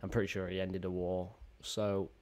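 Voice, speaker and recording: A man talks over clips with a mocking, foul-mouthed edge, and his voice sits a little low. He runs a casual reaction commentary, scoffing at what he sees. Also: little pitch movement, normal speed, a little mellow. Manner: mocking, profane, sarcastic.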